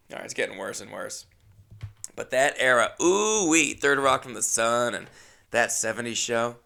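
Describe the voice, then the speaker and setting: A man's voice: mid-range voice, lively intonation, moderate pace, creaky, sharp tone. A man hosting a solo podcast, rambling casually with chatty, self-mocking asides. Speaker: podcast host.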